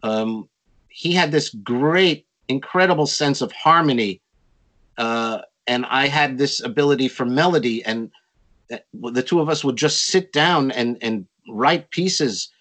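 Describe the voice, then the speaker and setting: An older man telling stories from his music career in an interview, animated and acting out quotes in a raised voice. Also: medium pitch, a little slow, poor audio. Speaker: interview guest, jazz musician. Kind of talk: storytelling in a conversation.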